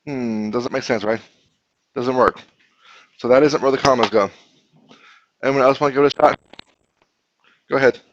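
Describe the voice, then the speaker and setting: A man's voice: medium pitch, steady tone, normal speed, pauses often, highs cut off, slight background noise. A man teaching a grammar lesson to a class, patiently explaining step by step and asking his students questions.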